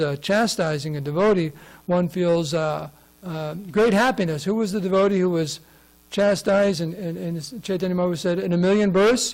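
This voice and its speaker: A man's voice: sits high, darkish tone, rough recording. A man giving a scripture class, conversational and often asking his listeners questions. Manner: conversational, asks the audience questions. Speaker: class speaker.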